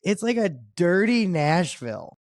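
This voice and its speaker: Male comedian guest, slightly high voice, profane and quick to laugh, casual storytelling. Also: big pitch swings, no room sound, studio quality. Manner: laughs often, swears freely.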